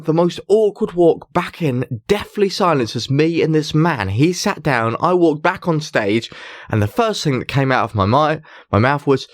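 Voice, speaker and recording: A man's voice: a little high, moderate pace, no room sound, studio quality. A man, a mentalist, telling a story on a chatty podcast with lots of laughs. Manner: animated, laughs while telling stories. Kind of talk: casual storytelling chat.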